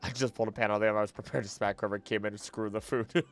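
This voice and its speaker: A man's voice: lowish voice, fairly quick, clear, resonant tone, faint music behind. A man, a streamer and voice actor, chatting casually and thinking aloud while he answers chat questions.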